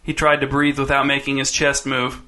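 A man's voice: mid-range voice, monotone, normal speed, pushed and bright. A man reading a story aloud in scripted narration, with a dry, wry delivery.

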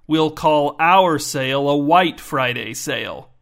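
A man's voice: fairly high pitch, slow, creaky, a bit bright, heavily acted. A man voicing a fussy middle-aged male shop owner who is stubborn and self-satisfied. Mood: pleased, insistent.

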